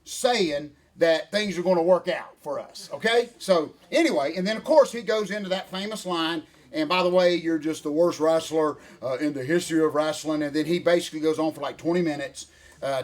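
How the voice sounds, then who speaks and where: An older man, ranting in a folksy, animated way as co-host of a casual chat. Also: on the high side, fast. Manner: folksy, animated rant with Southern phrasing.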